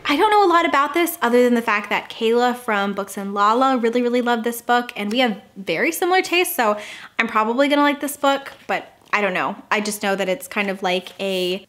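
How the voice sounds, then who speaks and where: Young woman book vlogger, bright chatty delivery, slightly high voice, filler-heavy casual talk. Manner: bubbly and chatty, with many "like" fillers. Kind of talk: casual chat to camera.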